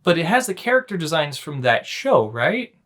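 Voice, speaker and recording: A man co-hosts a film review podcast in easygoing, casual chat. His voice sits somewhat high for a man, and he drops dry, wry asides between points. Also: very animated, moderate pace, a bit bright. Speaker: podcast co-host reviewing films.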